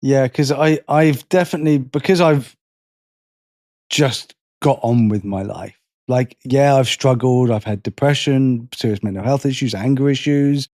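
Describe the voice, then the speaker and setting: A man co-hosting a casual podcast, speaking plainly and candidly. His voice sits at an ordinary male pitch and sounds dry, with no room around it. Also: measured pace, a little mellow, no echo. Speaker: co-host.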